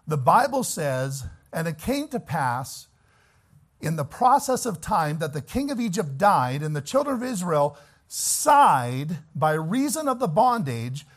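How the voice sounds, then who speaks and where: A preacher with a high, animated voice that swoops up and down as he delivers his sermon. He drops low and slow to reflect, then climbs into loud, fervent exhortation that breaks into shouting at its peaks.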